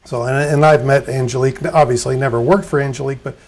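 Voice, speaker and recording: A man's voice: mid-range voice, fairly even intonation, quick pace, a little mellow. A man hosting a podcast, asking questions in an easygoing, joking manner. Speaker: podcast host. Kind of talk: casual interview questions.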